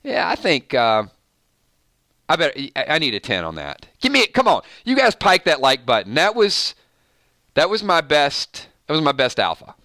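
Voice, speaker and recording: A man with a Southern Georgia accent chats loosely with his viewers as a live-stream host, chuckling often. His voice is bright and forward, with a smooth, clean tone. The sound is close and dry, with no room around it. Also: a little high, wildly swooping pitch, moderate pace, no room sound. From Georgia, USA. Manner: easygoing, chuckles often, folksy. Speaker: show host reading viewer chat. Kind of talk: casual live-stream chat.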